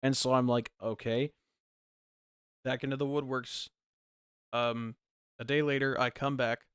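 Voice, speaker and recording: A man's voice: medium pitch, flat delivery, measured pace, a bit bright, clear, resonant tone, no echo, clean studio sound. A man hosting a podcast in casual chat, laughing often and stumbling over his words as he tells stories. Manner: laughs often, stammers and restarts. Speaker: podcast host.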